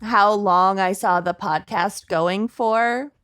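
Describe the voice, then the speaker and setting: A young adult woman co-hosting a podcast in casual chat, bubbly and quick to joke. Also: mid-range voice, fairly bright tone, clean tone, dry recording, clean studio sound. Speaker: podcast co-host.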